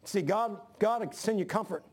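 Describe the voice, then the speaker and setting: A middle-aged man preaching a sermon as pastor, telling a personal story and repeating phrases as he builds to shouts. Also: sits high, moderate pace.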